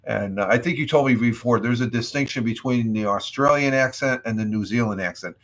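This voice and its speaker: A man's voice: mid-range voice, fairly quick, a bit bright. A middle-aged American man hosting a casual morning livestream, rambling with many fillers and restarts. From United States. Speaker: livestream host. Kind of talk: casual morning chat reacting to news.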